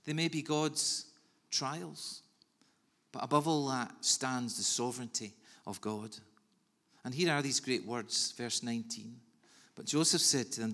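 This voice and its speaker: A man preaching a sermon in an earnest, measured way with soft pauses. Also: medium pitch. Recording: long reverb of a large hall.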